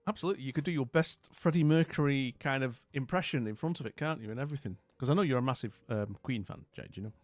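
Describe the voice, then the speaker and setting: A man's voice: mid-range voice, quick pace, few pauses, no room sound, soft background music. A middle-aged man chatting casually with his stream's viewers, rambling with lots of fillers and restarts. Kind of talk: casual chat with viewers' comments.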